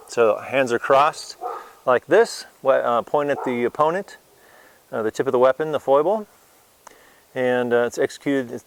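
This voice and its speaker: A man casually explaining sword guards as an instructor, relaxed and hesitant with many fillers. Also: mid-range voice, slight background noise. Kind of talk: casual demonstration lesson.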